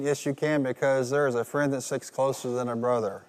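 A man's voice: medium pitch, fairly even intonation, brisk, few pauses, in a large hall. A male pastor preaching a rousing sermon, leading the congregation in call-and-response. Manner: rousing, call-and-response, rising to loud peaks.

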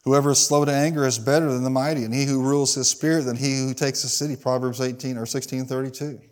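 A fast-speaking pastor, his voice medium-pitched and level, preaches to a church congregation, asking them to call back and voicing the people in his stories.

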